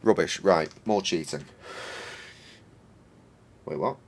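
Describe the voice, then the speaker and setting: A man's voice: deep voice, takes it slowly, gravelly, a little mellow, a little hiss or hum. A man in his thirties streaming a game, rambling and joking with lots of swearing. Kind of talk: casual game stream commentary.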